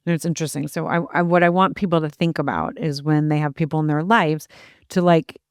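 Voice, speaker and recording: A woman hosting a podcast in casual conversation, candid with quick asides and casual swearing. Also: deep voice, steady tone, clean tone, no echo, clean studio sound. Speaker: podcast host.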